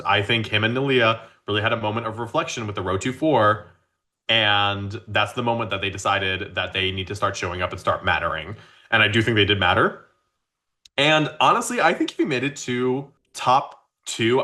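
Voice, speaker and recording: A man co-hosting a podcast in casual chat, expressive and playful in his delivery. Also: normal speed. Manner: expressive, jumps high in pitch when surprised or teasing. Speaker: podcast co-host.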